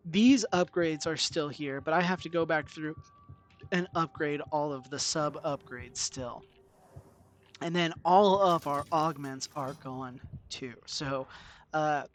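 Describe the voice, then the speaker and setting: There's slight background noise as a man streams a game from a room in his home. Slightly high-voiced, he talks expressively to his viewers and makes fun of himself.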